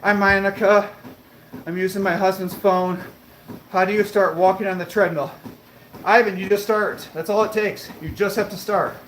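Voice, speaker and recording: A man livestreaming while on a treadmill, chatting casually and answering viewer comments, a bit breathy as he talks between breaths. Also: high-pitched, fairly even intonation, moderate pace, fairly bright tone, echoey room, a little hiss or hum, poor audio. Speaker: fitness livestreamer.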